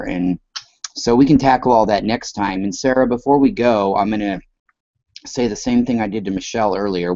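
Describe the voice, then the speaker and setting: Co-host, male, very low voice, loose rambling chat, dull dry lo-fi sound. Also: darkish tone, dry recording. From American West Coast. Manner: rambling, loose, swears casually. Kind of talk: casual chat.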